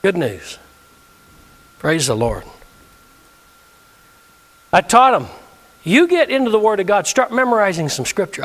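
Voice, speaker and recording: A man's voice: high voice, huge pitch swings, moderate pace, pauses often, fairly bright tone. A male pastor preaching a sermon, leading the congregation in call-and-response with emphatic delivery. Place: church sanctuary.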